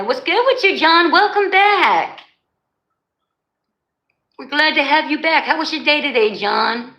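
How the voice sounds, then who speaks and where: A woman's voice: high voice, animated, a little slow, long pauses, bright, forceful tone. A woman hosting a live stream, chatting casually with viewers, teasing them and laughing often. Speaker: livestream host. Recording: echoey room.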